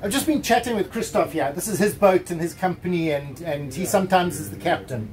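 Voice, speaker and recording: A man's voice: high voice, brisk, a little mellow, low-quality recording. Chatty man vlogging at a boat show. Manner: chatty, jokey, thinking aloud while touring. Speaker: travel vlogger. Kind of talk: casual chat. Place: outdoors at a busy waterfront boat show. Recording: faint background noise.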